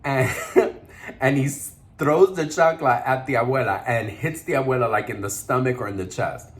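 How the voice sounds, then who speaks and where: A man's voice: medium pitch, moderate pace. A man vlogger eating on camera while telling a story, chatty and laughing, mixing in Spanish words. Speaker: mukbang vlogger.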